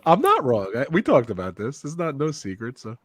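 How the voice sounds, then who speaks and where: A man co-hosting a casual podcast chat, animated and teasing and quick to laugh. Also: mid-range voice, no room sound. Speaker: podcast co-host.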